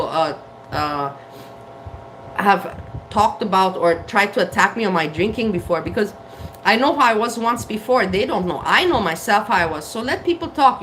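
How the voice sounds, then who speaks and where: A woman's voice: mid-range voice, a bit bright, a little hiss or hum, poor audio. Blunt, self-mocking woman vlogger. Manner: frank and blunt, swears, laughs at herself. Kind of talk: candid casual talk to camera. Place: home kitchen.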